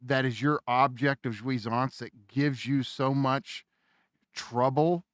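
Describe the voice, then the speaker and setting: A man co-hosting a podcast in casual conversation, swearing freely, who theorizes and acts out quoted lines in loud bursts. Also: medium pitch, takes it slowly, no room sound. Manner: animated storyteller, acts out quoted lines in shouts; profane, theorizing. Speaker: podcast co-host.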